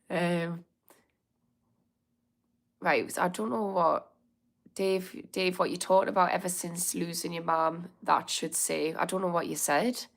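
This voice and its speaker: A woman's voice: fairly low pitch, creaky. A middle-aged woman, chatting candidly on a livestream about recovery and reading out comments, sounding a bit unwell. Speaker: livestream host in addiction recovery. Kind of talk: casual livestream chat.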